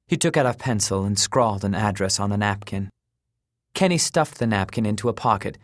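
A man narrating a story in a measured, dry storytelling manner. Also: fairly low pitch, animated, no room sound.

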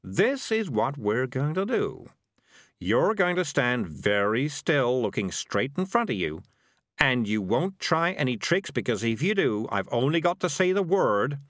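A man's voice: mid-range voice, sing-song, unhurried, a bit bright, no echo, studio quality, voice pushed up. Male narrator as a sly, chirpy con-artist cat, bouncy lilting delivery, storybook. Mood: threatening. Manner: cheerful, wheedling, persuasive. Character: smooth-talking scheming male talking cat.

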